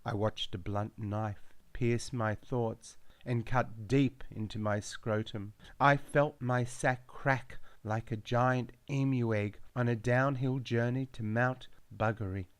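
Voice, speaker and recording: A man reading his own story aloud in a slow, measured, darkly dramatic way. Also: mid-range voice, fairly even intonation, clean tone, dry recording. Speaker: author reading his memoir. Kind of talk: audiobook narration.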